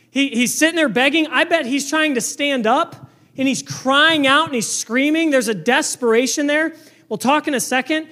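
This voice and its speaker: Very high-voiced loud preaching man. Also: moderate pace. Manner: loud, earnest, repetitive restarts. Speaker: pastor. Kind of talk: sermon. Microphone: microphone.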